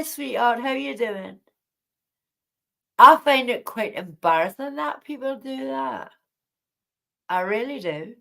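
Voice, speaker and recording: A woman with a fairly high, slightly bright voice chats to her viewers on a late-night livestream from home. She rambles, sounds indignant, and greets people by name.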